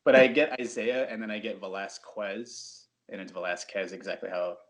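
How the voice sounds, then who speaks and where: Low-voiced man answering in a relaxed, rambling way. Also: fast talker. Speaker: guest, professional wrestler. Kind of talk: casual interview answers.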